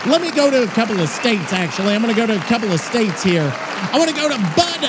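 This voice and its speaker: A man co-hosting a gaming podcast, talking loudly and casually, swearing often and rambling with restarts. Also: high voice, big pitch swings, fast talker, over a noisy crowd, heavy background noise. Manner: loud, profane, rambling with restarts. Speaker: podcast co-host.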